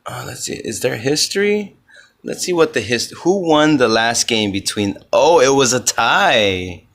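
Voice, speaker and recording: A man talks through a solo comedy podcast in a loose, rambling way, with profanity scattered through his speech. His delivery is slow and unhurried, and his voice has a bright, forward tone. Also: medium pitch, lively intonation.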